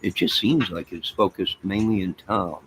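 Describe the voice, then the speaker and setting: A man with a low voice hosts a casual livestream from his home apartment by a fire, speaking at a moderate pace. He rambles through stories and talks to his chat and his pets, with steady background noise throughout.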